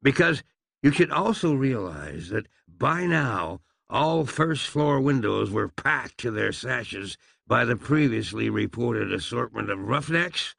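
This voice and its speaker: A man narrating a comic western audiobook with a wry, lively storytelling manner. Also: mid-range voice, slow, vocal fry, dry recording.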